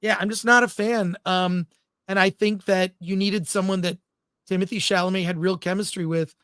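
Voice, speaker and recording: A man's voice: high-pitched, steady tone, normal speed, a bit bright, clear, resonant tone, dry recording, clean studio sound. A man co-hosting a film podcast in casual, opinionated chat, reading out live chat comments as he goes. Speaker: podcast co-host.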